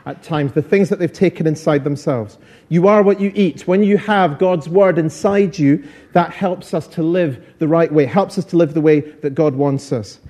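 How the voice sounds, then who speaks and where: A man preaching an all-age church talk, lively and encouraging, repeating phrases for emphasis. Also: fairly high pitch, moderate pace.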